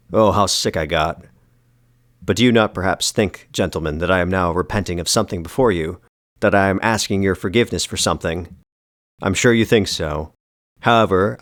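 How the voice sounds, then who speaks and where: A man narrating a first-person novel as an audiobook, with a measured, deliberate and bitterly ironic delivery. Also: low-pitched, no echo, clean studio sound.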